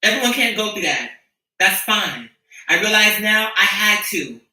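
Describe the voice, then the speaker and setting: A man's voice: high voice, big pitch swings, bright, forceful tone. A man giving an emotional personal testimony, earnest and spiritual, often stumbling and repeating himself as he speaks. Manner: earnest, repetitive, spiritual, halting restarts. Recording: echoey room, distant mic.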